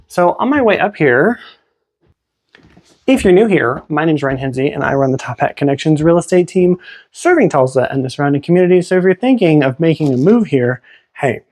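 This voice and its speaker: A man's voice: a little high, a little mellow. Upbeat man giving a chatty house tour. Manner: enthusiastic, chatty, exclaiming over features. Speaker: realtor giving a home tour. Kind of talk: casual walk-through narration. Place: inside a house, walking room to room.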